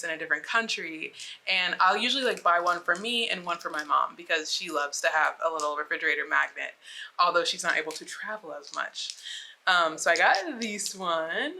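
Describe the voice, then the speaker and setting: Chatty woman with a low voice. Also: background noise. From United States. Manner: bubbly, chatty, lots of "like" fillers. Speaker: vlogger. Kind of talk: casual unboxing chat.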